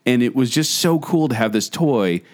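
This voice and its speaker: A man co-hosting a podcast, chatting casually and telling animated stories about childhood toys. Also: mid-range voice, moderate pace. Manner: animated storyteller, mimics a robotic toy voice. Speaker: podcast co-host. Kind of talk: casual chat.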